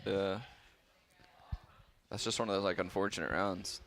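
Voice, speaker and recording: A man commentating an esports match in a relaxed, chuckling, conversational way. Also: deep voice, measured pace. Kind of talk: casual broadcast commentary.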